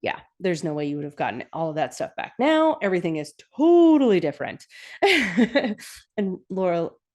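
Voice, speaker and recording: Chatty woman podcaster, lower voice. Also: sing-song, normal speed, a little mellow. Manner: chatty, self-correcting, laughs often. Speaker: podcast host. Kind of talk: casual episode recap.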